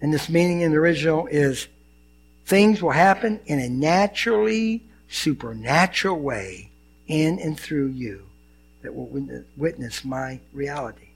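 High, gravelly older male pastor. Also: a little slow. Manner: animated storyteller, acts out dialogue. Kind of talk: sermon with personal storytelling.

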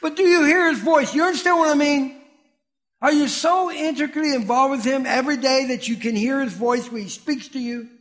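A middle-aged male pastor giving a sermon. He talks conversationally, asks the congregation questions, and swings from loud exclamations to quiet asides. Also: very high voice, a little fast.

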